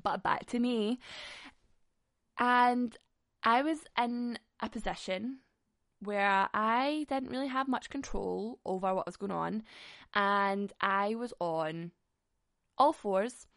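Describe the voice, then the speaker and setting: A woman's voice: medium pitch, slow, pauses often, a bit bright, dry recording, clean studio sound. Blunt, profane woman storyteller. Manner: blunt, profane, often laughing mid-sentence. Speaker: podcast host. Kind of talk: candid comic storytelling.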